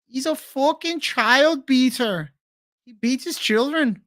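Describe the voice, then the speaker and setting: A man's voice: very high-pitched, takes it slowly, fairly bright tone, pitched above the performer's own voice, exaggerated voice. A man doing a brash, cursing Irish fighter. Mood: mocking. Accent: put-on Irish.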